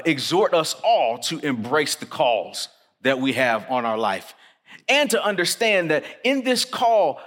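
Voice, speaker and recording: A man's voice: on the high side, a bit bright. Man preaching in an echoing chapel. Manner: earnest, emphatic, slows to stress key lines. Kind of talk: sermon. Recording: long reverb of a chapel hall.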